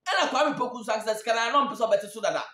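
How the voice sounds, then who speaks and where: A Ghanaian man with a high-pitched voice talks football in a casual, chatty way, going back over his points to press them home. He is heard in an echoey room. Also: very fast, pushed and bright. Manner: chatty, repeats points for emphasis. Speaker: sports show host. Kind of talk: casual football talk, mixing Twi and English.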